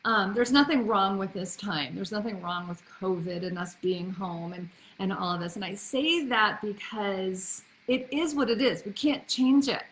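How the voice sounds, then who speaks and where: A woman's voice: medium pitch, normal speed, few pauses, a bit bright, a little hiss or hum. Earnest woman in an echoey room. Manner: earnest, conversational, many restarts and fillers. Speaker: parenting coach. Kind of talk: casual advice talk to camera.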